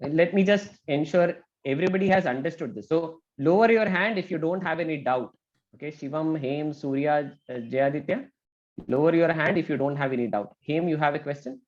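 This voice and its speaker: A man teaching an online math class, talking briskly and checking in with students with a frequent "okay?". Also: fairly high pitch, muffled recording. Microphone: video call.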